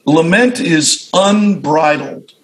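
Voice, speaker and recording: Middle-aged pastor in a roomy space. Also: male voice, fairly high pitch, slow. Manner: reflective storytelling with frequent restarts and self-corrections. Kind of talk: conversational discussion among fellow pastors.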